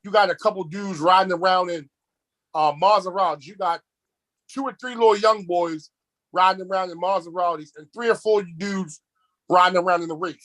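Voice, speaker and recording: A man chats casually. His voice sits high, and he tells streetwise stories, often repeating words as he gets going. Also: fairly quick, a bit bright, poor audio. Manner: streetwise storyteller, repeats words when starting. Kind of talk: casual chat.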